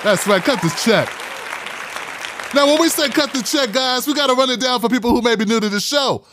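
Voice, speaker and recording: Animated, high-voiced male podcast host. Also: a little fast, a crowd in the background, noisy background. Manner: animated, preachy, repeats phrases for emphasis. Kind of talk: live-streamed podcast talk.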